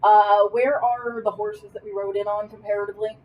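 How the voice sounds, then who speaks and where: A woman's voice: medium pitch, little pitch movement, fairly quick, highs cut off. A woman playing a tabletop game, thinking aloud in a casual, self-deprecating way. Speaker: player. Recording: distant mic, faint hiss.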